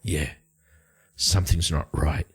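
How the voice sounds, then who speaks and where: A man playing a guarded vigilante who lurks in the shadows of a solo tabletop story. His voice is deep and unhurried, and his short answers keep people at arm's length. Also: steady tone, husky, exaggerated voice.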